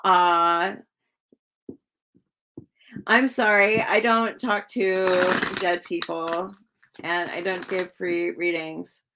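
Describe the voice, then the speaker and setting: A woman giving live-stream tarot readings in a chatty, gushing way, full of likes and ums and quick laughs. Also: fairly low pitch, fairly even intonation, a little hiss or hum. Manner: chatty, warm to viewers, laughs often. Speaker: tarot reader.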